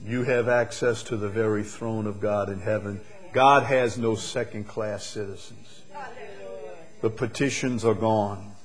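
A man's voice: fairly low pitch, steady tone, a little slow. A man preaching a sermon as pastor, emphatic and building his points through repeated phrases. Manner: emphatic, repetitive preaching cadence.

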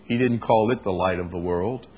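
A man preaching a sermon in a conversational way, reading scripture aloud and explaining it, often clearing his throat. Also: on the low side, moderate pace, darkish tone. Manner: conversational, with fillers and restarts, reads scripture aloud.

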